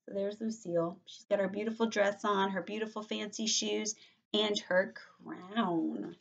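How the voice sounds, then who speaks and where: A woman teacher giving an online read-aloud lesson for young children, explaining slowly and clearly into a computer microphone, on a dull lo-fi recording. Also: medium pitch, level tone. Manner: clear, slow, sing-song explaining to kids.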